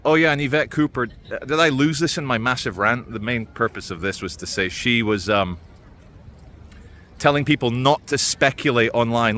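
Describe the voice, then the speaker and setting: A man's voice: lowish voice, expressive, normal speed, sharp tone, slight background noise. An English man ranting sarcastically on an outdoor street vlog, heated and rambling. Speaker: vlogger. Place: outdoors at a broadcaster's building.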